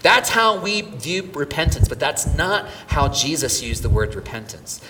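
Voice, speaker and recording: A middle-aged man preaching a sermon, telling a story with swings from near-whispers to shouts. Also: on the high side, very animated, a little slow. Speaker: pastor. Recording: distant mic with hall reverb and faint room noise.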